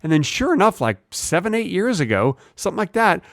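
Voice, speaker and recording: A man's voice: high-pitched, very animated, a little fast, dry recording, studio quality. A man from Texas co-hosting a comedy podcast, chatting casually with playful teasing. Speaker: podcast co-host.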